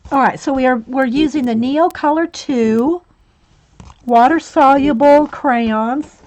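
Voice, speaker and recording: A woman walks viewers through a coloring project in a relaxed livestream style. She talks in a chatty way, giggles often and fills pauses with ums. Her voice sits a little high. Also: a little hiss or hum. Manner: chatty, giggly, with frequent fillers. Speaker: coloring channel host. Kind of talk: casual livestream tutorial.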